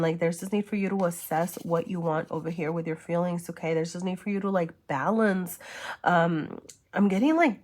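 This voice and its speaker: A woman giving a casual tarot reading, chatty and reassuring, speaking straight to the viewer with lots of fillers and check-ins, sniffling a little. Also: on the low side. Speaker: tarot reader.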